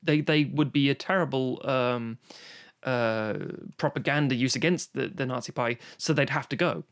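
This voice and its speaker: Recorded remotely from home during lockdown, this podcast co-host has a mid-range, somewhat bright voice and speaks at a moderate pace. He's enthusiastic and casual about an old film, cursing often and restarting his rambling thoughts.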